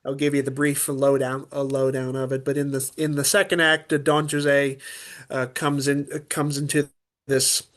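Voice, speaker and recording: A man, a guest opera tenor from Pennsylvania, chatting casually in an interview and explaining things in a halting way, with many restarts and filler words. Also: medium pitch, level tone, a bit bright. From Pennsylvania, USA.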